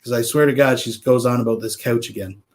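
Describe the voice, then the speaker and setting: A man's voice: medium pitch, quick pace. A man hosting a commentary video, talking in a wry, offhand way and swearing casually. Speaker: commentary host.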